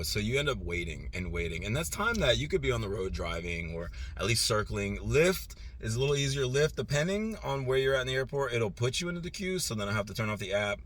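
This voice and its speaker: A man's voice: on the low side, slight background noise. A tired man, a rideshare driver, talking casually and profanely to the camera from his parked vehicle, rambling and getting heated in spots. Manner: rambling, profane, animated when ranting. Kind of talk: casual vlog monologue. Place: parked vehicle at airport lot.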